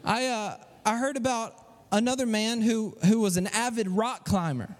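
A man preaching a sermon, telling stories with restarts and emphatic pauses. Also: high voice. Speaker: pastor. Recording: long hall reverb.

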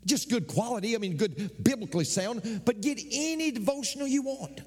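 A middle-aged man preaching a sermon as pastor, swinging from shouts down to whispers. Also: extremely high pitch, animated, a little fast, slightly rough, in a large hall.

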